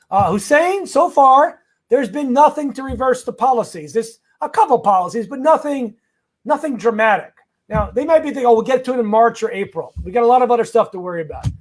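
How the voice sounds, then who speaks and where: Hosting a live question-and-answer stream, this immigration attorney has a notably high voice for a man. He's chatty and full of energy, greeting viewers by name and stressing his legal advice like a rally speaker.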